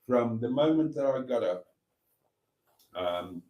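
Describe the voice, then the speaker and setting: Slow, tired man hosting. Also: medium pitch, expressive, muffled recording. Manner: cheeky, chatty, laughs often. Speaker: livestream host. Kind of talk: casual chat reading comments.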